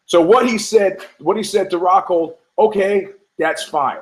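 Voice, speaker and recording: A high-pitched male podcast host speaks unhurriedly in a rambling, profane sports commentary monologue, full of restarts and tangents. He tells jokes, acts out voices while storytelling, and laughs at his own material, all on a low-quality recording.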